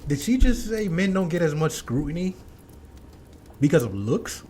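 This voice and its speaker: A man's voice: a little high, big pitch swings, moderate pace, mellow, slight background noise. A man hosting a reaction commentary, blunt, emphatic and opinionated. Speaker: commentary host.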